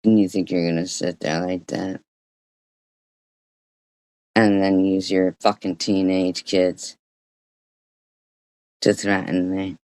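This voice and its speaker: A woman streaming an angry reaction, scolding and swearing in a profane rant, with frequent throat clearing. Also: rumbling low, little pitch movement, takes it slowly, pauses often, a little mellow, dry recording.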